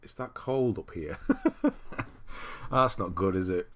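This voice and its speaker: Lower-voiced british guy rambling on his stream, greeting chat one by one. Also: moderate pace, fairly bright tone. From Britain. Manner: chatty, greets chat viewers by name, rambling. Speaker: livestream host. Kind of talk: casual livestream chat. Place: cold room at home.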